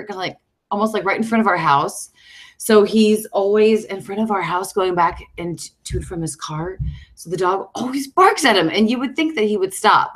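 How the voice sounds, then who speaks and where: A middle-aged American woman hosting a casual live stream at home, an excitable author chatting about her books. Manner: chatty and excitable, breaking off to call her dog in a high coaxing voice. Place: room at home.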